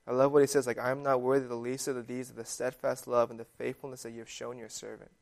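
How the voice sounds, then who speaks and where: A man's voice: medium pitch, level tone, quick pace, creaky, few pauses. A young man giving a casual, conversational sermon that is full of fillers. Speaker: preacher.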